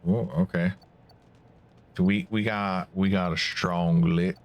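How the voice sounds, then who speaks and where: Male streamer with a low, slow delivery. Casual game commentary with thinking aloud. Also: fairly even intonation. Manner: musing aloud while reading game text.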